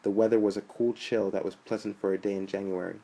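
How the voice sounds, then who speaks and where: A man reads a novel aloud in a steady, storytelling manner. His voice sits low and calm throughout the narration. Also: quick pace, creaky, rough recording. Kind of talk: audiobook narration.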